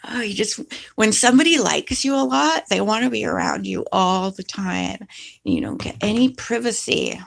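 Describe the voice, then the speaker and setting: A woman's voice: medium pitch, animated, moderate pace, gravelly. A woman vlogger chatting casually and rambling, now and then talking to her cat.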